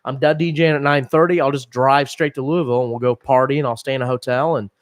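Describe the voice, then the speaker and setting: A man's voice: mid-range voice, fairly even intonation, fast talker, no room sound. Man, 30s, casual podcast banter, profane, laughing, dry sound. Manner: rambling, profane storytelling with frequent laughs. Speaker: podcast co-host.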